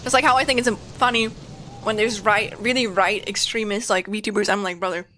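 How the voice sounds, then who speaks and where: A woman's voice: medium pitch, steady tone, a little fast, sharp tone, a little hiss or hum. A woman with a German accent, a VTuber host chatting casually and giggling while recapping a story game. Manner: giggly, rambling with many fillers. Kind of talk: casual game-stream chat.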